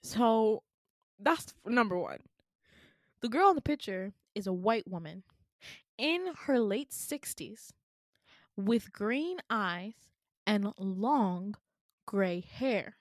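A woman's voice: mid-range voice, slow pace, pauses often, no echo, studio quality. A woman in her twenties, a podcast host, animatedly recounting a dream in a casual, exasperated way. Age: 20s. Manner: animated, exasperated, laughs often.

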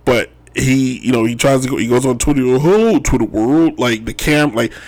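Hosting a casual sports talk show while wearing Chicago sports gear, this man rambles and jokes about basketball moves, frequently adding "if you will." His mid-range voice is steady in tone and brisk in pace.

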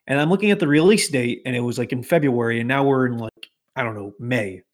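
Talking fast in a medium-pitched voice, this Massachusetts man animatedly recounts a lengthy work story on a laid-back podcast. He curses freely and acts out what others said using put-on voices.

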